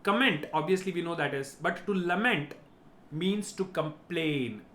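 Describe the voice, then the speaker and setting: A man's voice: fairly high pitch, lively intonation, unhurried, fairly bright tone. A man giving a vocabulary lesson, explaining each word and checking in with "right?". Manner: explanatory, repeats key words, ends points with "right?". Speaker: teacher.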